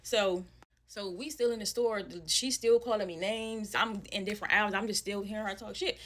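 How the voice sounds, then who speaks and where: A woman telling a storytime to camera, animated and slangy, calling her viewers y'all. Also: mid-range voice, normal speed. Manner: animated storytelling, acting out voices in quotes.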